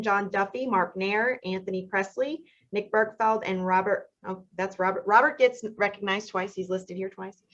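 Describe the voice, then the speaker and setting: A woman's voice: mid-range voice, muffled recording. A woman hosting a graduation ceremony, introducing teams and praising them with emotion. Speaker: event host.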